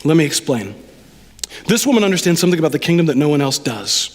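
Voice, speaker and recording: A man preaching a lively sermon as pastor, addressing the congregation directly and with animated delivery. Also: fairly high pitch, fast talker, long reverb tail. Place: church sanctuary.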